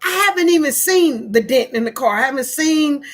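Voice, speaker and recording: A woman tells a story live to her online viewers, animated and chatty. She repeats her phrases and keeps checking in with them. Her voice sits a bit high. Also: a little fast.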